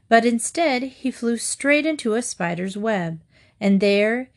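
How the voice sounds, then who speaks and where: Slow, measured woman reading fables. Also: a little high. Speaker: storyteller.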